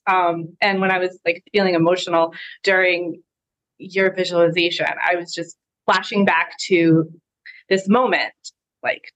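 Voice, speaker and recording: Female guest, lower voice, candid, chatty, lots of fillers, on a video call. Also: a bit bright, rough recording. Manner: candid, filler-heavy with frequent "like", quick to laugh. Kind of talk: casual personal storytelling.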